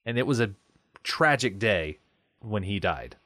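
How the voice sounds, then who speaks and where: Lively, wry man recapping a movie. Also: lowish voice, unhurried, no echo. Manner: wry, lively storytelling with tangents. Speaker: podcast co-host. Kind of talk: casual movie discussion.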